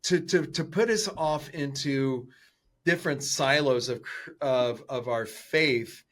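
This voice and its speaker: A man's voice: mid-range voice, takes it slowly, fairly bright tone. A man co-hosting a podcast interview, talking casually and animatedly, acting out his own reactions in quotes. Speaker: podcast co-host.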